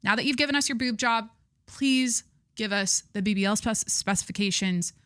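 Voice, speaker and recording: A woman's voice: mid-range voice, moderate pace, fairly bright tone, dry recording, studio quality. A young adult woman hosting her podcast, chatting in a rambling, candid way with lots of fillers and restarts, gushing and swearing casually. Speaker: podcast host. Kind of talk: casual chat.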